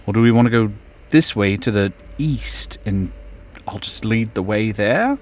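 A man playing a tabletop game, talking in an animated way and laughing often. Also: lowish voice, measured pace. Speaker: player.

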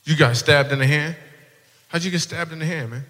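Into a handheld stage mic, a male stand-up comic works the crowd, playfully teasing audience members and laughing at his own jokes. His voice sits on the high side, a little fast and slightly bright, with long hall reverb and faint room noise.

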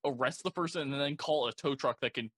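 A man's voice: medium pitch, quick pace, a bit bright, slightly rough, dry recording. Blunt, profane young man, dry sound. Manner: profane, blunt, rambling with many "like"s. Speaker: security guard telling a work story. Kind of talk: casual podcast chat.

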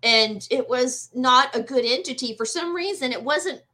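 A woman, a medium, telling her own ghost experience in a casual interview, animated and full of fillers and restarts. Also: high voice, moderate pace. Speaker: guest medium.

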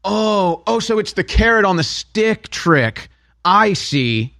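A man's voice: high voice, very animated, slow pace, creaky, bright, forceful tone. A man hosting a talk radio show, delivering a sarcastic, heated opinion monologue in a studio.

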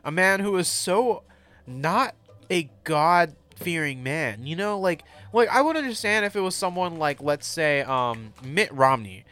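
A man co-hosting a podcast, giving opinions and quick quips in casual, profane chat. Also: on the high side, animated, sharp tone. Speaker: podcast co-host.

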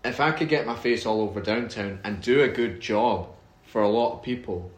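Man, podcast co-host, low voice, relaxed rambling, echoey room. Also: normal speed. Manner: easygoing, rambling with fillers. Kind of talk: casual podcast chat.

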